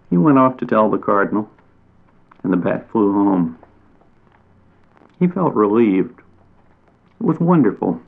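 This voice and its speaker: A man reading a children's storybook aloud in a gentle, unhurried way, lingering on descriptive phrases. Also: on the low side, creaky. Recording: tinny phone-like audio.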